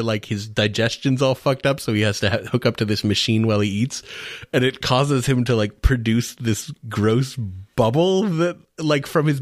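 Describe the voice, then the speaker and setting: A man's voice: mid-range voice, dry recording, studio quality. A man co-hosting a podcast, talking casually about movies with many restarts and fillers. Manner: laughs while describing scenes. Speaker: podcast co-host. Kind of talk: casual film discussion.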